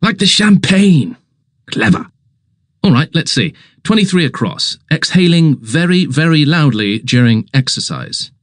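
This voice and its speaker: A man voicing an excitable, cheerfully dim young English gentleman, plummy and exclamatory. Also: fairly high pitch, measured pace, no room sound, clean studio sound, pitched above the performer's own voice.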